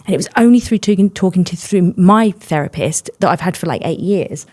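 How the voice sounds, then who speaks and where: A woman's voice: on the low side, lively intonation, a little mellow. A woman, a podcast guest, talking openly and at length in a casual conversation about her work. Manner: open and talkative, quick bursts with laughter. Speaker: podcast guest, mental well-being workshop leader.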